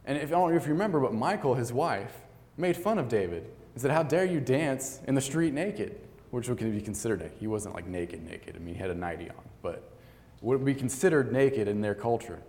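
A man's voice: fairly low pitch, lively intonation, a little fast, darkish tone, long reverb tail. A man preaching a sermon, reading scripture aloud and telling stories in an earnest, conversational way.

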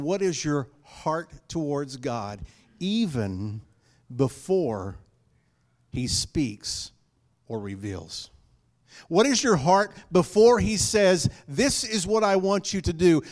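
Preaching to his congregation, a man with a slightly high voice speaks emphatically and repeats key phrases. He swings between loud calls and hushed lines.

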